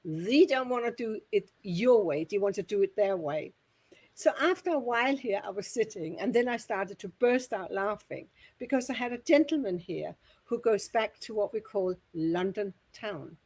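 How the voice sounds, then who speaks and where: A woman's voice: mid-range voice, expressive, normal speed, darkish tone, breathy edge. A woman medium giving messages at a spiritualist service, chatty and rambling, often laughing.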